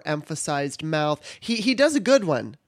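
Fairly high-voiced guy hosting a podcast, laughs a lot, kinda stumbles into questions. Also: big pitch swings, normal speed. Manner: laughs often, hesitant restarts when asking questions. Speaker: podcast co-host. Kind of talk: casual chat.

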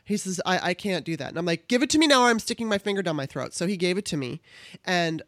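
A woman's voice: lowish voice, expressive, fast, a bit bright, no echo, clean studio sound. A woman from Southern California telling a personal story in casual chat. She acts out the voices of the people in it and laughs as she goes.

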